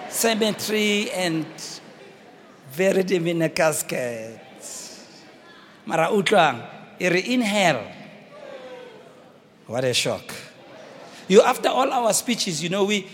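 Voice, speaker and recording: A man with a South African accent preaching a sermon, shouting and dramatic, switching between languages. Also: high-pitched. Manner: fiery, shouting, code-switching, theatrical. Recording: reverberant hall with faint noise.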